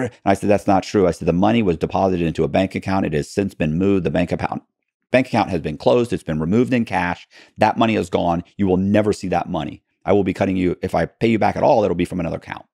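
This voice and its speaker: A man telling a story as an interview guest, acting out quoted dialogue with halting restarts. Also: low voice, gravelly, dark tone, no room sound, clean studio sound.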